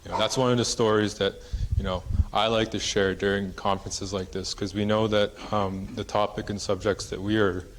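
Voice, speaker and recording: A man with a fairly low voice tells a traditional story at a conference, rambling casually and dotting his speech with fillers. His delivery is relaxed and conversational. A faint hiss sits under the recording. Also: moderate pace, few pauses. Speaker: presenter and storyteller. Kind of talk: oral storytelling in a conference talk. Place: conference hall.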